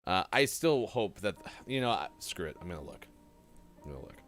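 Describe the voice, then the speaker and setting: A male morning show host with a lively, swooping voice that rises and falls freely. He talks casually and jokes as he goes, with faint music playing under him. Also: low voice, fairly quick. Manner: lively, joking, rambling delivery. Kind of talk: casual live-stream radio chat.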